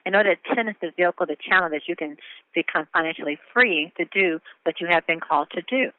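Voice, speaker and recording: Upbeat guy hosting a call, preachy and encouraging, talks fast, phone sound. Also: sits high, dry recording. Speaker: host. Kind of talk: motivational conference call. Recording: phone line.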